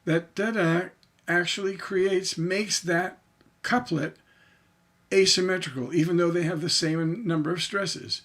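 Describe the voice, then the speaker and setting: A man's voice: high-pitched, measured pace. A man teaching songwriting in a livestreamed lecture, explaining syllable stress by tapping out rhythms aloud.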